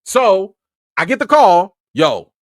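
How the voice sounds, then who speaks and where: A man from Chicago, a film critic hosting his own channel, telling an excitable, slangy story on a livestream. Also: sits high, slow pace, vocal fry, no echo, studio quality.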